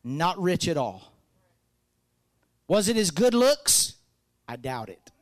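A man preaching a sermon, folksy and joking, rising to loud fervent peaks. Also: a little high, sing-song, slow, no room sound. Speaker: pastor.

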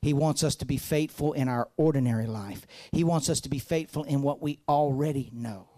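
A man preaching a sermon, folksy and joking, rising to loud fervent peaks. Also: medium pitch, brisk, dry recording. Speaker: pastor.

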